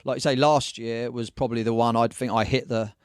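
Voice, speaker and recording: A man, a surf shop owner and magazine editor guesting on a podcast, telling animated, slangy stories in casual chat. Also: mid-range voice, brisk, clear, resonant tone, no echo, studio quality.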